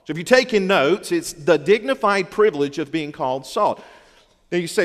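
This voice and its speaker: A man's voice: fairly high pitch, sing-song, normal speed. A man with a Southern US accent preaching a folksy, humorous sermon, with emphatic repetition to his congregation. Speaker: pastor. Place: church sanctuary. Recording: long hall reverb.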